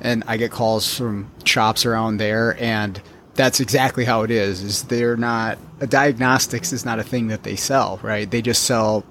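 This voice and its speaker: A man's voice: fairly low pitch, steady tone, measured pace, a bit bright, a little hiss or hum. A man in a casual chat about auto repair who laughs easily and hesitates with fillers. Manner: chuckling, hesitant, uses fillers.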